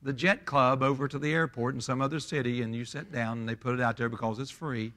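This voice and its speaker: A man over fifty, preaching a sermon in an emphatic, folksy way that swells loud. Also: mid-range voice, steady tone, quick pace. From Southern US. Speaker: pastor.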